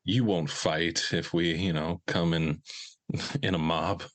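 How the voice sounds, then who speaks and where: A man from Minnesota co-hosting a podcast in casual chat, laid-back and quick with quips. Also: sits low, fairly even intonation, no echo. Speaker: podcast co-host.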